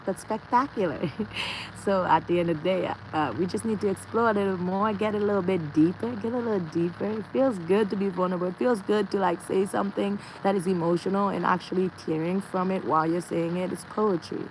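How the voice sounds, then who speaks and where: A woman's voice: mid-range voice, fairly quick, a little mellow, a little hiss or hum, poor audio. A woman livestreaming, drifting through earnest spiritual musings and repeating her phrases as she answers viewer comments.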